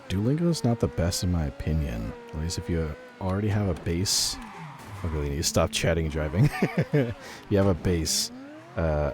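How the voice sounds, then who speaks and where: A male streamer in easygoing gaming commentary with a low voice that swings up and down a lot. He talks in a chatty way, laughs often and swears freely. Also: noisy background.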